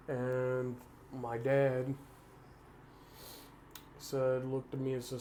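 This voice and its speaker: A man's voice: medium pitch, flat delivery, slow, pauses often, warm tone. Earnest Southern man in a roomy echo. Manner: plain-spoken, earnest, rambling. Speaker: vlogger. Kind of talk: personal storytelling. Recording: roomy echo, faint background hum.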